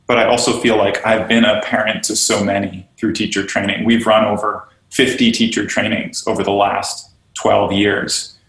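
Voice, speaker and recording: A man's voice: lowish voice, little pitch movement, normal speed, hardly any pauses, a bit bright. A man being interviewed on a podcast, talking earnestly and animatedly about teaching and belonging, often acting out the voices of the people he quotes. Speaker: guest, yoga studio owner and teacher trainer. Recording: roomy echo.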